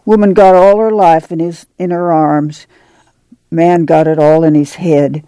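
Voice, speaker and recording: A man voicing a weary, steady farm mother who speaks in a folksy rural dialect. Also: a little high, unhurried, smooth, no echo, close to an everyday voice. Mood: soothing.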